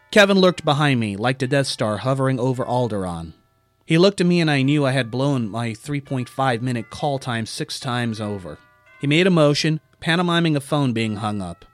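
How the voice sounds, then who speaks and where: Male storyteller, wry and self-deprecating, mid-pitched, light music bed. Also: expressive, normal speed, no room sound. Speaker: narrator. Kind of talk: personal story narration.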